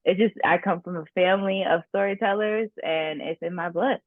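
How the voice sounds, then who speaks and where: Lively actress on a tinny line. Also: female voice, on the low side, fairly quick, no echo. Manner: animated, laughing storyteller. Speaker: actress guest. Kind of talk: casual interview. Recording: dry tinny phone-like line.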